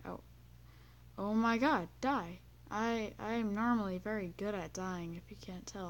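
Teen girl, gaming commentary, slow unhurried chatter, self-mocking, breaks into screams. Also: mid-range voice, a bit bright. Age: teens. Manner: bursts into screams and sing-song humming. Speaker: gaming YouTuber. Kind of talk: gameplay commentary.

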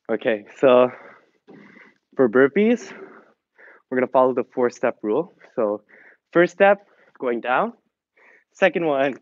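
A man's voice: medium pitch, no echo, highs cut off. A man leading an online fitness class, cheering students on and counting reps in English and Korean, a little out of breath. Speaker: fitness instructor. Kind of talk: online exercise class instruction.

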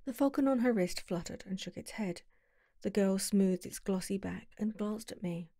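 A woman narrating an audiobook in a calm, measured storytelling voice on a close mic. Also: medium pitch, gravelly, no room sound.

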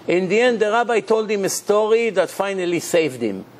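A man's voice: high-pitched, expressive, moderate pace. A man who is a rabbi, giving an emphatic sermon full of rhetorical questions, in loose, non-standard English grammar.

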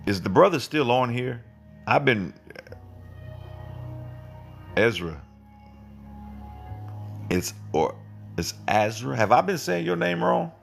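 A middle-aged man hosting his own channel, giving an informal live Bible teaching in a rambling, repetitive way with emphatic jumps in pitch. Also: very animated, slow pace, creaky, long pauses, soft background music. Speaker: online channel host.

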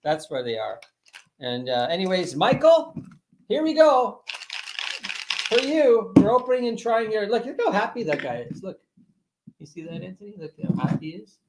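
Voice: medium pitch, sing-song, moderate pace, pauses often, noisy background. A product review host chatting on a casual livestream, laughing often and reading packaging aloud.

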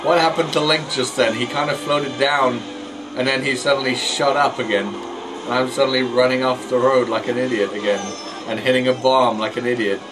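A man's voice: mid-range voice, fairly even intonation, moderate pace, rough recording. A man casually commenting while playing a racing game online, joking at his own mistakes and stumbling over words. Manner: jokey, self-mocking, stumbling over words. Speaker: gameplay commentator. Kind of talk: casual let's play commentary. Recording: game music behind the voice.

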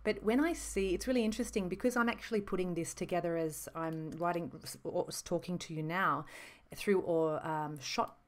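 Measured woman explaining voices. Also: on the low side, steady tone. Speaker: voice instructor. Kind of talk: reflective teaching monologue.

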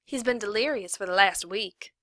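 A woman reading aloud plays a cold, scheming camp warden. Her defense comes smooth and calculated. The voice is bright and close. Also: mid-range voice, moderate pace, dry recording, close to an everyday voice. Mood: defensive.

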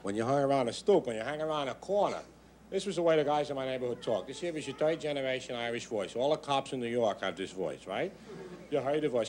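A man's voice: medium pitch, animated, fast talker, darkish tone. A man doing a stand-up comedy monologue in a wry, conversational storytelling manner. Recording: live show, noisy crowd.

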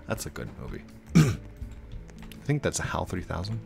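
Excitable man narrating his gameplay. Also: fairly low pitch, gravelly. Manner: chatty, excitable, talks to other players. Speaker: gaming YouTuber. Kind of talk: live gameplay commentary.

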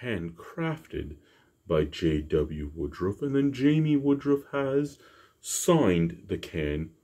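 A man's voice: on the low side, very animated, slow, dark tone. A man casually reviewing a beer to camera at home, joking and rambling in a self-deprecating way. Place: home basement.

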